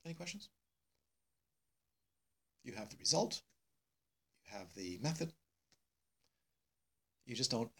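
Husky man giving a dharma talk. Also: fairly low pitch. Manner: warm, emphatic, repeats phrases, many pauses and fillers. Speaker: Buddhist meditation teacher. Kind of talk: dharma talk to retreat students. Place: meditation hall.

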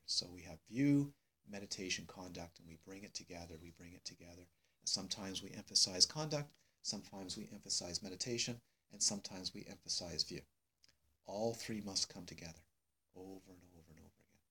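Husky man, bright forceful tone, dharma talk, repeats himself, pauses often. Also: sits low. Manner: warm, emphatic, repeats phrases, many pauses and fillers. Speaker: Buddhist meditation teacher. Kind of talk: dharma talk to retreat students. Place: meditation hall.

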